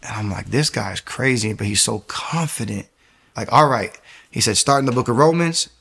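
A man's voice: medium pitch, lively intonation, moderate pace, creaky, fairly bright tone, breathy edge. A man telling his personal faith testimony in a casual, storytelling way, acting out the voices of people he quotes and often repeating words as he goes. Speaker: testimony speaker.

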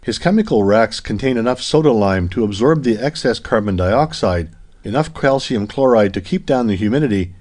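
A man narrates an audiobook in a steady, even manner. His voice sits somewhat low. He reads a printed story aloud.

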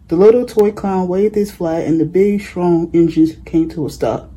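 A storyteller reading a children's picture book aloud, steady with small slips. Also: medium pitch, moderate pace, few pauses, slightly rough, rough recording.

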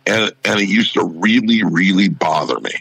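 Gravelly low-voiced man telling a story. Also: moderate pace, no room sound, rough recording. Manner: animated anecdote teller who acts out quoted voices. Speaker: radio show personality. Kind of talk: casual storytelling.

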